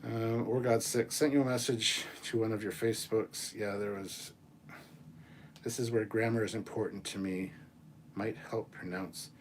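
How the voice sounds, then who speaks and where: A man hosting a casual chat show, reading viewer messages and ranting in an animated, profane way. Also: fairly low pitch, moderate pace, a little hiss or hum. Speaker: channel host.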